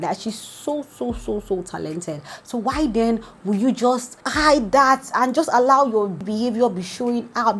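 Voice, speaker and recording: Nigerian lady dishing reality show gist, super animated, voice shooting way up when she reacts. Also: breathy edge. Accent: Nigerian English. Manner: animated and dramatic, jumping high in pitch as she reacts. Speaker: host of a celebrity gossip channel. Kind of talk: casual gossip commentary.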